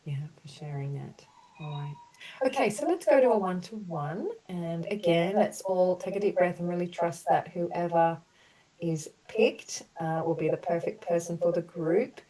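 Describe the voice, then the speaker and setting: A woman leading an online group healing session, slowly offering soothing apologies and then explaining in a loose, chatty way. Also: on the low side, warm tone, distant mic, slight background noise, poor audio. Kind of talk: guided emotional healing session.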